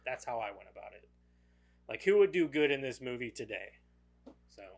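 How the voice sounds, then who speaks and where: A man's voice: mid-range voice, sing-song, moderate pace, vocal fry, a little mellow, husky. A man co-hosting a casual movie podcast, enthusiastic, swearing freely and repeating words as he talks. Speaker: podcast co-host.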